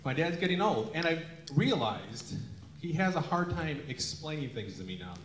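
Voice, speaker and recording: Animated high-voiced stand-up comic man. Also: normal speed. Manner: self-deprecating, acts out voices. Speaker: stand-up comedian. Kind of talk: stand-up comedy. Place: stage at a benefit show. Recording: echoey hall with laughing crowd. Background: audience laughter.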